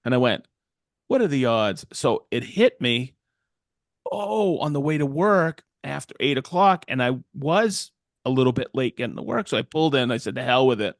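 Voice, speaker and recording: A man's voice: medium pitch, moderate pace, dry recording, clean studio sound. Rambling man telling shop stories. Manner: rambling, animated, quotes people in voices. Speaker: podcast co-host and woodworker. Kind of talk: casual storytelling chat.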